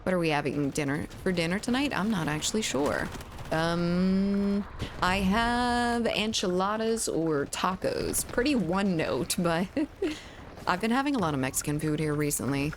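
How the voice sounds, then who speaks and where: A woman's voice: lowish voice, expressive, measured pace, a little hiss or hum. A woman streamer chatting casually and reading viewer messages aloud, giggling often, at a desk mic at home. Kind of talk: casual chat reading live chat.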